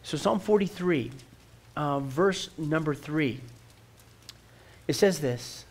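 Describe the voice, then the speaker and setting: A man's voice: on the high side, lively intonation, slow pace, pauses often, slightly rough. A middle-aged man, a pastor, preaching a sermon in an earnest way and often repeating words as he starts a sentence. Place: church.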